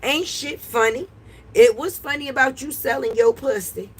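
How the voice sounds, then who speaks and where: A woman's voice: high-pitched, normal speed, slightly rough. Brash, profane woman ranting at her chat. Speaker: livestream host. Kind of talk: casual livestream rant. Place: porch outdoors.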